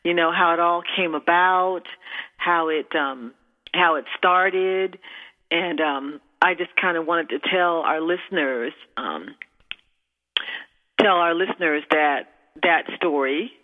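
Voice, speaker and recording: A woman's voice: lowish voice, slow pace. A woman hosting an internet radio show in casual chat, bubbly and rambling, with many fillers and restarts. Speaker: radio show host and minister. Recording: phone-line audio.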